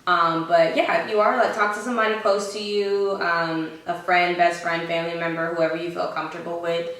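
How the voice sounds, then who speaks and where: A woman's voice: on the low side, fairly even intonation, a little fast, fairly bright tone, distant mic. A young woman co-hosting a vlog, telling her story in a casual, sassy way with emphatic asides. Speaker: vlog co-host. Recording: echoey room, away from mic.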